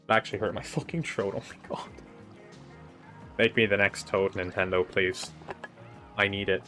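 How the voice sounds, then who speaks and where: A young male streamer chats casually into a desk microphone while playing a racing game live, his low-ish voice sounding pushed and bright. He rambles through the gameplay, swearing now and then.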